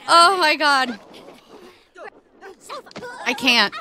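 A woman streamer giving excitable live commentary on a game, laughing often and exclaiming over what happens on screen. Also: sits high. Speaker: Twitch streamer.

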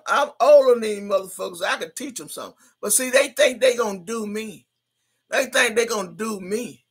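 A woman's voice: on the high side, fairly bright tone, breathy edge. A woman in her sixties hosting a livestream, reading viewers' comments aloud in a brash, profane way and laughing often. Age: 60s. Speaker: livestream host.

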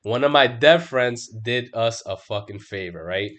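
A man's voice: medium pitch, expressive, measured pace, fairly bright tone. A middle-aged man hosting a trading livestream, talking in an emphatic, casual style full of swearing and "bro"s, now and then mimicking his own panicked outbursts. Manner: emphatic, swears constantly, lots of "right?" and "bro". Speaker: trading stream host. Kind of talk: casual profane livestream chat.

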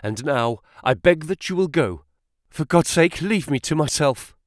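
A man voicing a terrified male office manager who speaks fast with strained politeness. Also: mid-range voice, expressive, no echo, clean studio sound, close to an everyday voice. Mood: nervous. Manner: hurried, nervous, strained politeness.

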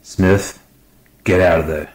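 A man's voice: low voice, fairly even intonation, slow. A man voicing a curt, commanding starship captain in an audiobook. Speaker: character in an audiobook. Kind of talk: audiobook character voice.

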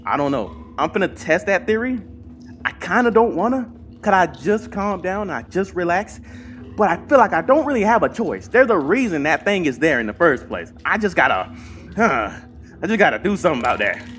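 Jumpy young horror gamer, lively voice. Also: medium pitch, normal speed, soft background music. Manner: talks to self, mutters then yells in panic, swears. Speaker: gaming channel host. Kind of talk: horror gameplay commentary.

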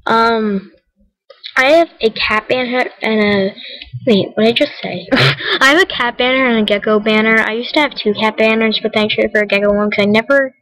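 Showing off her game, a young woman vlogger chats in a rambling, giggly way, frequently correcting herself and saying she feels tired and cold. Her voice is a little high and a bit bright at a moderate pace, captured in a low-quality recording.

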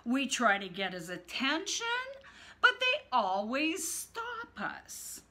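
A woman's voice: high voice, wildly swooping pitch, slow pace, pushed and bright. A woman from Canada reading a picture book aloud in turns, amused and laughing. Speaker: storyteller.

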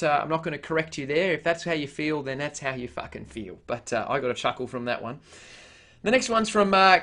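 A man's voice: fairly high pitch, a bit bright. An Australian man vlogging casually, blunt and heavily profane, with frequent filler sounds. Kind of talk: casual vlog chat.

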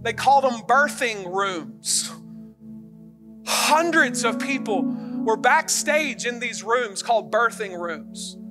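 A middle-aged male pastor telling a story in a sermon, getting animated and loud as it builds. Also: slow, over music. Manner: animated, gets loud and high when excited.

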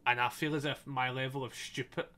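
Sweary, laughing streamer with a bright voice. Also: male voice, mid-range voice, little pitch movement, fairly quick, a little hiss or hum. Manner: swears a lot, banters with chat, laughs often. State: slightly strained voice. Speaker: streamer playing a story game. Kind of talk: casual live-stream commentary. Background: faint game soundtrack music.

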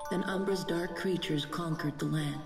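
A game narrator reciting rhyming storybook verse in a slow, measured, lyrical way. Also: mid-range voice, fairly even intonation, gravelly, close to an everyday voice. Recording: distant voice with long reverb, music.

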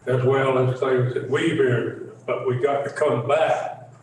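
Class member talking from across a big echoey room, hesitant. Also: male voice, medium pitch, fairly even intonation, slow pace, far from the mic, noisy background. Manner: hesitant, restarts his sentences. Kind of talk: class discussion comment.

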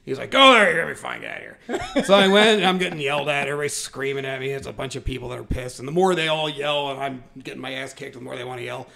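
A man hosting a podcast, telling stories in a casual, animated way with lots of laughing. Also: medium pitch, racing, creaky. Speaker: podcast host. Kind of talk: casual storytelling chat.

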